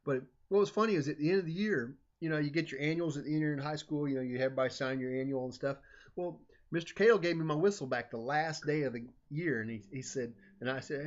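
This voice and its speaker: A man tells a personal story in a casual, rambling way, cutting himself off and restarting often. His voice sits a little high, and the recording sounds dull and lo-fi. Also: fast talker. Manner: rambling, self-interrupting, animated. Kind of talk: casual anecdote telling.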